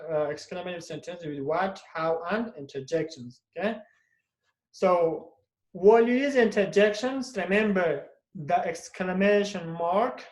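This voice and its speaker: A man's voice: high voice, darkish tone. A man teaching a grammar lesson, repeating each example sentence with exaggerated intonation and checking in with frequent "okay?". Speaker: English teacher. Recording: echoey room.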